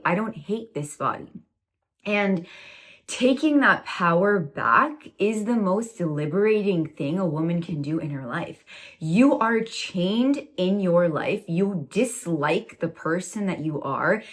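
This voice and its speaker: Blunt low-voiced woman in her twenties. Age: 20s. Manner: blunt, preachy, fillers like "like" and "you know". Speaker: self-love coach. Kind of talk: direct-to-camera motivational monologue.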